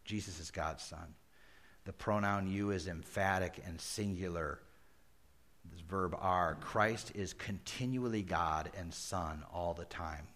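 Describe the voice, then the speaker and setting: A man with a low voice preaches a sermon. He mixes folksy jokes with earnest scripture reading. His delivery swells to loud, emphatic peaks and then sinks to hushed, almost whispered lines. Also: unhurried. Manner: folksy asides and humor. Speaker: pastor.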